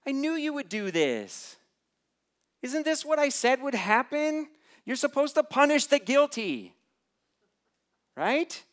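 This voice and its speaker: A man's voice: extremely high pitch, very animated, takes it slowly, long pauses, pitched above the performer's own voice, full character voice. A man preaching acts out an indignant male prophet who complains sarcastically to God. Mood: exasperated. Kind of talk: preacher acting out a quote in a sermon.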